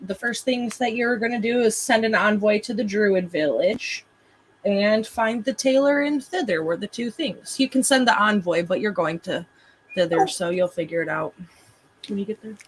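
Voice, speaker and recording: Woman game master, relaxed tabletop chat, loose rule explanations. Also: mid-range voice, a little hiss or hum, rough recording.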